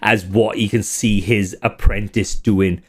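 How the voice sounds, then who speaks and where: A man's voice: fairly low pitch, steady tone, measured pace. A man narrating as game master, casual and prone to laughing. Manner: laughs a lot, casual and chatty.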